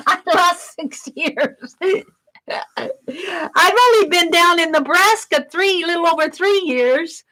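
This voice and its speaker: A woman's voice: very high voice, takes it slowly, pushed and bright, a little hiss or hum, low-quality recording. A woman chatting on a live art stream, talking through her sketch and reading viewers' comments aloud. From Wisconsin. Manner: chatty, reads chat aloud while sketching.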